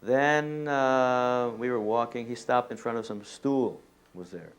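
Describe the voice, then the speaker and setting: A man recalling a memory in an interview, talking haltingly with fillers. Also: mid-range voice, steady tone. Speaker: disciple recalling his teacher. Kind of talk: reminiscing in an interview.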